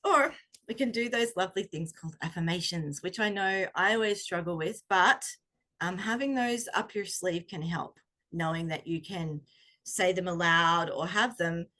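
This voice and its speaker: A middle-aged woman coach giving a reflective talk on intuition, gentle and conversational, often pausing to search for words. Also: fairly low pitch. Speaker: self-growth coach.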